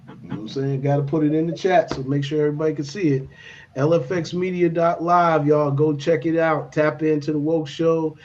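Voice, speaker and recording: A man's voice: fairly high pitch, steady tone, a little fast, a little mellow, a little hiss or hum. A man hosting a casual morning talk show, laid-back and repeating his catchphrases. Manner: laid-back, repeats "you know what I'm saying". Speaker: radio talk show host. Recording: dull lo-fi stream audio.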